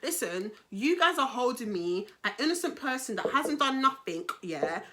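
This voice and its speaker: A young woman with a London accent tells a storytime vlog in an animated, slang-heavy way and speaks to her viewers as guys. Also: fairly high pitch, normal speed. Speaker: vlogger.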